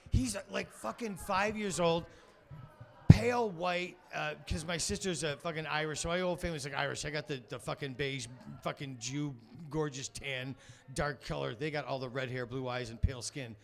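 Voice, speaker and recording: A man on a comedy club stage rambles through a crude story, cursing freely and cracking himself up. His voice sits a bit high for a man and carries a gravelly, fry-laden edge. He sounds like a newer comic working a handheld mic. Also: fairly even intonation, normal speed, fairly bright tone. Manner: rambling, profane, laughs at own jokes. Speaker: amateur stand-up comic. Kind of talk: stand-up storytelling.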